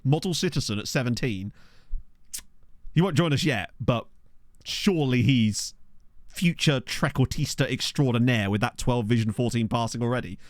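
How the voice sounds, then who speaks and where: A man casually commenting on a football management game he is playing, chatty and excitable, reacting aloud and talking to his chat. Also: medium pitch, moderate pace, no room sound, clean studio sound. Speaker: streamer. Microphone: desk microphone.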